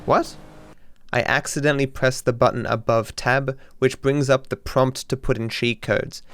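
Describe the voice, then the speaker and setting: A young Australian man giving casual commentary over a speedrun, sarcastic and self-deprecating, with sudden excited outbursts. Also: medium pitch, moderate pace. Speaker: speedrunning streamer.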